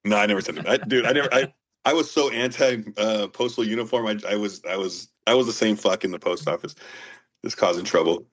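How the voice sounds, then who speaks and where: Deep-voiced profane male storyteller. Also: a little fast. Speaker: guest, former Marine. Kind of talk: casual storytelling.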